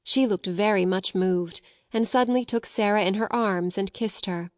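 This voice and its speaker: A woman's voice: mid-range voice, moderate pace, dry recording, muffled recording. Woman narrating a classic storybook. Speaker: audiobook narrator. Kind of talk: scripted narration of a children's classic.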